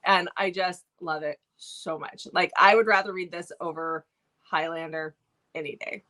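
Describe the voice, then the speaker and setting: A woman's voice: lowish voice, normal speed. A woman co-hosting a book review channel, chatting casually and gushing with lots of restarts as she retells a story. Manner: gushing, self-interrupting, animated storytelling.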